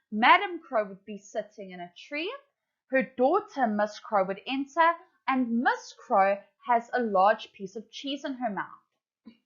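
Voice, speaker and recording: A woman teacher giving an English lesson to children, explaining in a brisk, clear way. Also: on the high side. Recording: dull lo-fi recording.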